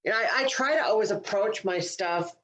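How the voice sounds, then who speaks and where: A woman's voice: medium pitch, brisk, fairly bright tone, rough recording. A woman co-hosting a comedy podcast, chatting in an upbeat way and trailing off her sentences. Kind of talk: casual chat.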